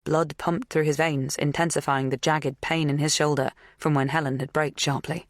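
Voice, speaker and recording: An audiobook narrator reading a thriller in an even, measured way. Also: medium pitch, dry recording, studio quality.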